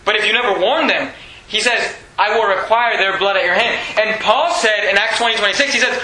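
A man's voice: sits high, fairly quick, pushed and bright. A man preaching a sermon as pastor, emphatic and repetitive, in a church sanctuary. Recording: echoey room.

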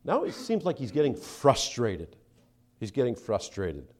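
A man preaching a sermon, acting out the speakers he quotes and dropping to soft asides between them. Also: mid-range voice, huge pitch swings, measured pace. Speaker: pastor.

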